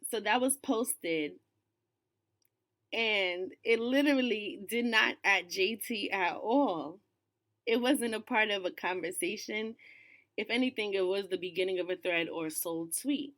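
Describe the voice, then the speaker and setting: A woman's voice: mid-range voice, unhurried, fairly bright tone. A woman hosting a casual pop-culture commentary channel off camera, talking in a loose, slangy way with lots of fillers. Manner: chatty, loose, slangy, with frequent "you know" and "um". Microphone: off camera, voice-over.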